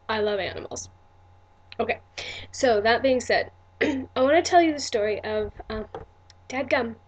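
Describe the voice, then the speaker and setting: A woman, telling a personal story in a candid, earnest vlog with many restarts and asides. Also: fairly high pitch. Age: 40s. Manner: earnest and emotional. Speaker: vlogger.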